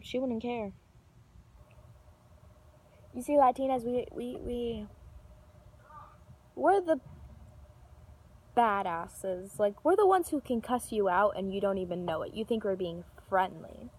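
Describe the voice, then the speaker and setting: Young woman, casual storytime vlogger, chatty and rambling, slightly high voice, swears freely. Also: normal speed. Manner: animated, yells when reenacting an argument; lots of filler and restarts, swears casually.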